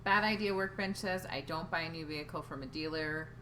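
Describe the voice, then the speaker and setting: Woman, low-pitched, bright tone, off-mic and faint, quiet co-host, faint background hiss. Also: fairly quick. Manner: quiet, brief interjections and reading comments. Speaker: co-host, the host's wife. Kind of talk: casual livestream chat.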